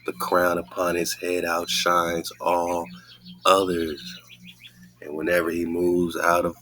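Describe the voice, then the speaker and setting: A man's voice: low voice, completely flat delivery, slow pace, bright, forceful tone. A man hosting a casual podcast, reading scripture aloud and commenting in a laid-back way with frequent laughs. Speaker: podcast host.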